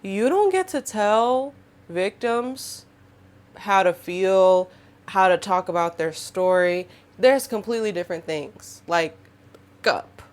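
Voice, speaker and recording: A young woman in her twenties, hosting her own podcast, talks straight to her audience in a casual, expressive way and acts out what people said to her. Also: medium pitch, takes it slowly. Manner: expressive, animated, acts out quotes. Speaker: podcast host. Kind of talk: casual monologue to camera.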